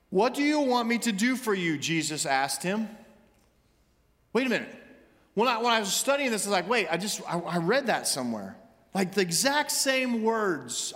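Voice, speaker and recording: Animated preacher with high pitch. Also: male voice, big-room sound. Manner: animated, acts out scripture voices, shouts for emphasis. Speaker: pastor. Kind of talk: sermon.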